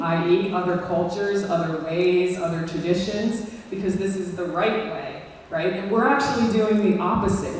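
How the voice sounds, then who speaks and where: A woman's voice: medium pitch, a little mellow. A woman professor thinking aloud in a classroom discussion, often checking in with "right?". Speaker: visiting professor. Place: university lecture hall. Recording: echoey hall from far off, faint noise.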